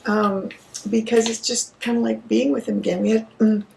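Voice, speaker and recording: Gravelly-voiced Canadian woman chatting. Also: fairly high pitch, level tone, moderate pace, darkish tone, rough recording. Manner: enthusiastic storyteller. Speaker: podcast co-host, yarn shop owner. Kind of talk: casual chat.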